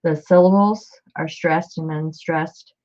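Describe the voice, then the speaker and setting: Slow-talking woman showing her books on a live stream. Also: sits low, steady tone, warm tone, highs cut off. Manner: chatty and rambling, greets viewers by name. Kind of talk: casual live-stream book show-and-tell.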